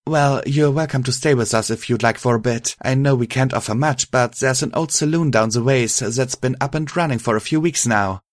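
A man's voice: medium pitch, normal speed, hardly any pauses, dry recording, pitched above the performer's own voice, lightly acted. A kindly but frazzled pony mare who runs a small town's clinic and worries aloud, as a man reads her part. She talks in a lifted, strained voice that tips easily into alarm. It is a dry, close audiobook reading. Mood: apologetic. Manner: anxious, emotional outbursts. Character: kindly stressed mare, town nurse and mayor.

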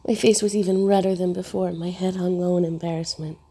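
A woman narrating a first-person story in a soft, hushed, intimate reading. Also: fairly low pitch, fairly even intonation, fairly quick, husky.

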